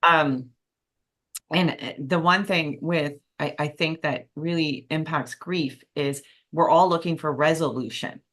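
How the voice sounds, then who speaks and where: Low-voiced woman host, openly enthusiastic. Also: unhurried. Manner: warmly enthusiastic, candidly personal. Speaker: podcast host. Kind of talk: interview conversation.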